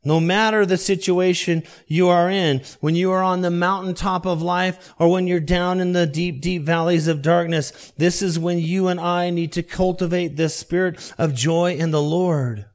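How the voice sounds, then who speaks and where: A man's voice: high voice, steady tone. Earnest male pastor preaching. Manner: earnest, repetitive emphasis with slowed key phrases. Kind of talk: sermon.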